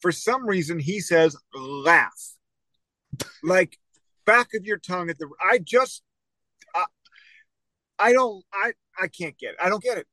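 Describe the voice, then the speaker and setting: A man with a Philadelphia accent co-hosting a casual wrestling podcast, playful, stammering and quick to apologize. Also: high-pitched, sharp tone, dry recording. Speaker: podcast co-host.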